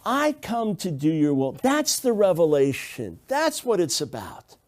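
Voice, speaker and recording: A man's voice: high voice, huge pitch swings, a little slow. A man giving a Bible teaching lecture, reading Hebrew passages aloud and driving his points home by repeating them emphatically. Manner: emphatic, repeats key phrases.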